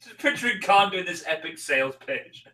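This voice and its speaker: Lively, joking male co-host. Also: high voice, fairly quick, far from the mic, rough recording. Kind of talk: casual chat.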